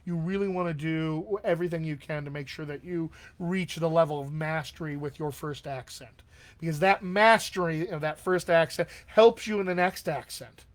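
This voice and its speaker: Upbeat man with a slightly high voice. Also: normal speed. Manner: upbeat and encouraging, often checks in with "all right?". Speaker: dialect coach. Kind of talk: live online Q&A answering viewer questions.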